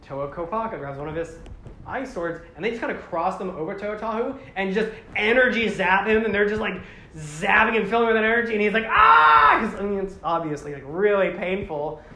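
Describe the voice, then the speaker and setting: A man's voice: high-pitched, brisk, pushed and bright. Rambling man recapping a story. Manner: rambling, self-correcting, full of fillers. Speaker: show host. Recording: roomy with faint background noise.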